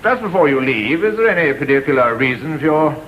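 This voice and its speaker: An actor playing a remote, phone-obsessed upper-class English father in a 1960s TV sketch, clipped and brisk. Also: fairly high pitch, lively intonation, dull audio, slight background noise, lightly acted. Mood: fussy. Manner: brisk, clipped, distracted businessman.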